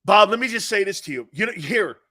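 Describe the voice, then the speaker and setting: With a high voice and a brisk delivery, this sports talk host from the Northeastern US tells animated, foul-mouthed stories and cracks himself up at his own jokes.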